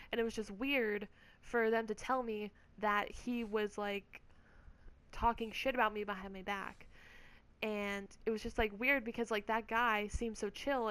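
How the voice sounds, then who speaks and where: A woman's voice: mid-range voice, a bit bright. A woman gamer vlogger telling a story in a casual, rambling rant, swearing often and filling her speech with "like". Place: at home.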